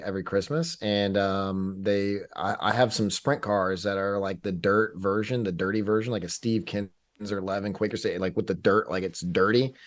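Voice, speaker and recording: A man's voice: on the low side, a little mellow, dry recording. A man co-hosting a casual podcast, talking in a playful, teasing way with lots of fillers. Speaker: podcast co-host.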